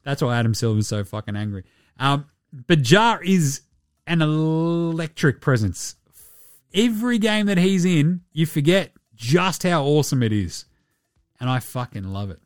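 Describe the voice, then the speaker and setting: A man's voice: on the high side, animated, unhurried, dry recording, studio quality. An Australian man hosting a podcast, chatting casually and rambling with plenty of swearing and jokes. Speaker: podcast host. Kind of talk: casual sports chat.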